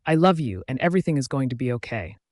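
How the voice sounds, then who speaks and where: A man's voice: mid-range voice, lively intonation, fast talker, darkish tone, dry recording, clean studio sound, close to an everyday voice. A man playing a protective werewolf alpha. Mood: tender. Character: young adult male werewolf alpha, protective and loving.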